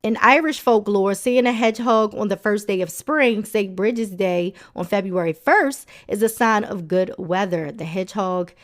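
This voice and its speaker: A woman's voice: medium pitch, normal speed, hardly any pauses. A woman hosting a nature podcast in casual narration, chatty and playful, with frequent laughs and sassy, colloquial asides. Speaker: podcast host.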